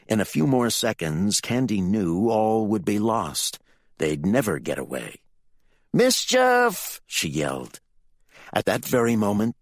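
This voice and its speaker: A man narrating a fantasy audiobook with expressive, dramatic storytelling. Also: deep voice, dry recording.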